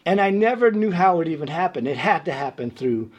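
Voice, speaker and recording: Chatty, animated man from New York. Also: a little high, brisk. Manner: animated, chatty, laughs often. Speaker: guest musician. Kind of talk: casual interview storytelling.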